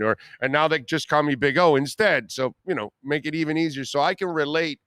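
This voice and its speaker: A man hosting a sports radio show, talking bluntly and swearing freely as he tells animated stories. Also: fairly high pitch, fairly quick, few pauses, clean tone, no echo, studio quality. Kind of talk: casual sports talk.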